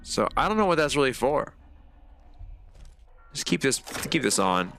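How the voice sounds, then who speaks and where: A man's voice: mid-range voice, sing-song, normal speed, vocal fry, fairly bright tone, faint music behind. A man giving chatty live commentary on a horror game, swearing often and talking to his viewers. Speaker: game streamer.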